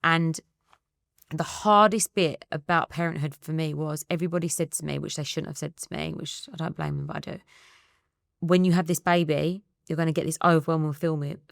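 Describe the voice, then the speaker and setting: A woman's voice: low voice, steady tone, brisk, vocal fry, dry recording, studio quality. A woman in her thirties with an Essex accent, speaking candidly and reflectively as an interview guest. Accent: Essex English. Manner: candid, quietly reflective, quotes her own thoughts.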